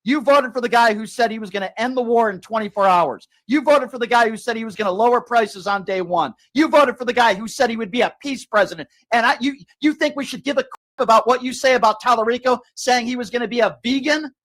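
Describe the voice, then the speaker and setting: A high-voiced man hosts a political call-in show and argues with a caller, hammering the same questions again and again and cutting him off. The sound is dry and close. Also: fast talker, hardly any pauses, fairly bright tone, dry recording. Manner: combative, repeats questions, talks over the caller. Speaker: show host. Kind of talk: heated political call-in argument.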